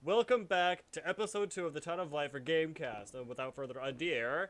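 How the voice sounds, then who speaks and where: A man's voice: on the high side, brisk, a bit bright. A man hosting a let's play, rambling and joking at himself as he reacts to the game. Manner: rambling, self-mocking, reacting aloud.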